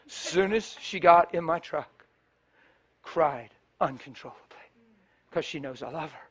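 A man's voice: on the high side, normal speed, long pauses, fairly bright tone. A middle-aged man preaching a sermon, telling stories in a passionate, colloquial way and acting out the dialogue. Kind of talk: sermon storytelling.

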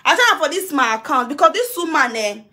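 A social media personality with a Nigerian accent confronts someone on a live video, speaking face to face into her phone camera. Her voice sits high and is pushed and bright; she's very animated and talks fast, emphatically repeating her demands and laughing now and then.

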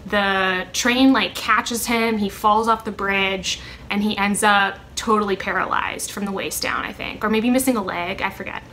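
Young woman vlogger, bright tone, rambling chatty delivery, faint background hiss. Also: medium pitch, fairly even intonation, normal speed. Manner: rambling, chatty, many ums and self-corrections. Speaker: vlogger answering a question tag. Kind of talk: casual chat.

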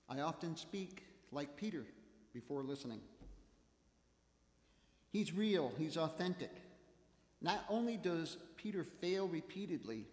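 An older man preaching a sermon, telling self-deprecating stories in an animated way. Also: on the high side, reverberant, big-room sound. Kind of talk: sermon with personal anecdotes. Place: church.

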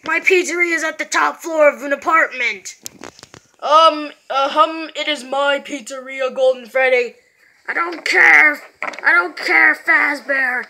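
Woman, sore throat, high bright voice, playful rambling plush toy skit. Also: unhurried, a little hiss or hum. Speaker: maker and voice of all the characters.

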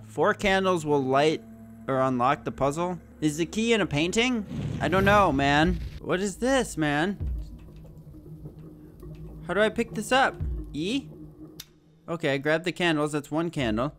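A man's voice: fairly high pitch, animated, unhurried, long pauses, fairly bright tone, slight background noise. A man hosting a horror game playthrough, jumpy and swearing, with frequent startled yelps. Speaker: let's play host.

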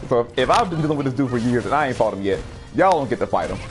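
Young male streamer, casual storyteller, animated with a swooping voice and frequent laughs, faint music behind. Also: medium pitch, racing. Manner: animated, laughs often, sudden excited outbursts. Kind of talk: casual storytelling while playing a game.

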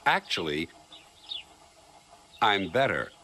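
A man voicing a proud, touchy male engine who speaks haughtily and gets cross, over loud music. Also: low voice, big pitch swings, slow, very noisy, heavily acted. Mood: haughty.

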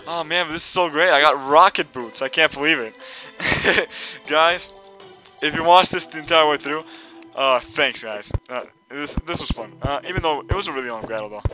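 Over his own gameplay, a young man with a fairly high voice gives casual, excitable let's-play commentary at a moderate pace. As a gameplay video host, he laughs a lot and answers back to on-screen enemies, with game music in the background.

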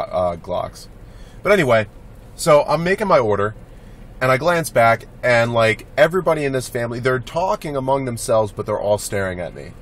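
A man's voice: fairly low pitch, slight background noise. A young man talking casually in a rambling, blunt vlog monologue, swearing freely. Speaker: vlogger.

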